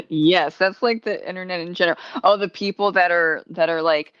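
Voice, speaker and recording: Lady hosting a podcast, kinda low voice, laughy and sweary, dead dry muffled sound. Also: normal speed, fairly bright tone, clear, resonant tone, dry recording. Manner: chatty, laughs often, swears freely. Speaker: podcast host. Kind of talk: casual podcast chat.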